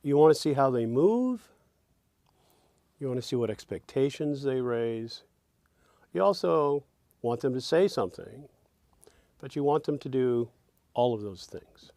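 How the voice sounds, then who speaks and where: A man's voice: mid-range voice, animated, measured pace, long pauses, dark tone, no room sound. A man teaching songwriting in a reflective lecture, often sounding out rhythms with sung syllables.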